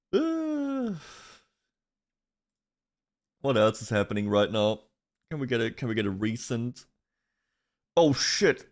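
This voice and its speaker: A male streamer chats casually and rambles through his thoughts, often restarting sentences and breaking into laughs. His voice sits at an ordinary middle pitch. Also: very animated, slow, pauses often. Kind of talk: casual chat reacting to online drama.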